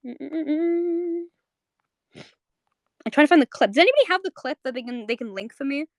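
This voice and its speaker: A young woman hosting a live audio chat on a home mic, rambling in quick bursts with lots of fillers and repeats. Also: sits high, lively intonation, no room sound, studio quality. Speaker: host of a live audio space. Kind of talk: casual live chat to listeners.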